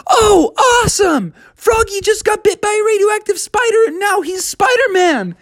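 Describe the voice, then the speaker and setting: A storyteller putting on a bunch of eager little schoolkids in a children's story, squealing very high and bouncy. The sound is close and dry. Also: lively intonation, normal speed, no echo. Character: crowd of excited young schoolkids.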